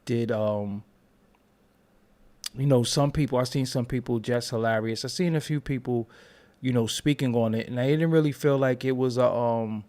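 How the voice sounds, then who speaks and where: A man's voice: medium pitch, normal speed, dark tone. A man hosting a casual live stream, loose and rambling, tired and yawning between repeated phrases. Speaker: YouTube commentary host.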